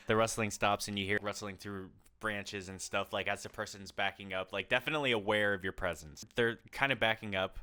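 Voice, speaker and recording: A man's voice: fairly low pitch, steady tone, fairly quick, few pauses, pushed and bright, clean tone. A man running a tabletop game as game master, narrating loosely with lots of fillers. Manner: loose, filler-heavy storytelling.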